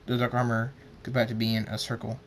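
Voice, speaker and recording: A man narrating an amateur story, halting and stumbling over words as he reads. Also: medium pitch, monotone, a little hiss or hum.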